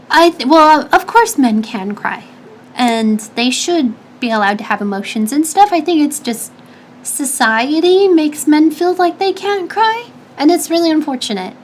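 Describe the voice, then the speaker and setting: A young woman streamer and engineering student, chatting casually and giggling as she answers viewer questions, with lots of fillers and restarts. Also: sits high.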